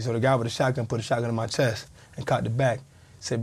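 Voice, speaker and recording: A man in his thirties tells a story in relaxed conversation, words tumbling out at a brisk pace. He slips into the quoted lines as he goes, voicing the people in it. His voice sits at an ordinary middle pitch. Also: breathy edge. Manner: vivid storyteller who acts out quoted dialogue. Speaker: podcast guest, former pro football player.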